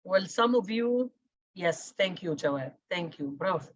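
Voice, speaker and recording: A woman's voice: on the low side, expressive, measured pace, no room sound, highs cut off. A woman teacher giving a class lecture, stressing and repeating key words, with many fillers.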